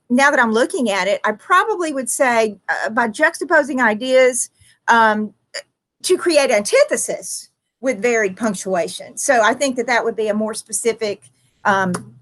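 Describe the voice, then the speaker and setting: A woman teacher giving a recorded writing lesson, thinking aloud with frequent ums and self-corrections, slowing down to stress key words. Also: a little high, fairly bright tone.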